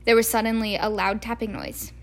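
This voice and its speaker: A woman reading a children's novel aloud, with steady, even storytelling. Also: mid-range voice, brisk, creaky. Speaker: reader. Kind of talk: amateur audiobook reading.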